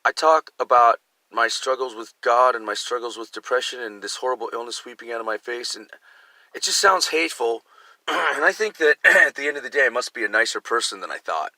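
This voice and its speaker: A man's voice: medium pitch, expressive, brisk, sharp tone, no room sound. An older man delivering an agitated, profane, rambling monologue to camera. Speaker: vlogger. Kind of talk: ranting monologue.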